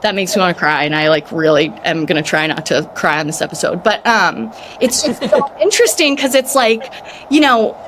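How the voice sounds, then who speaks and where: A woman in her thirties hosting a podcast, telling stories in a lively, chatty way. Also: lowish voice, fairly quick, a little hiss or hum. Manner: animated storyteller, lively and chatty. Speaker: podcast host. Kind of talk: casual chat.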